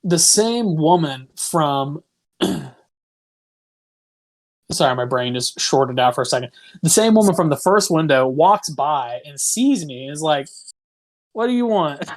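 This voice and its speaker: With a slightly high, animated voice and a measured pace, a young podcast co-host tells a long story. He rambles casually, says "like" constantly, and swears freely.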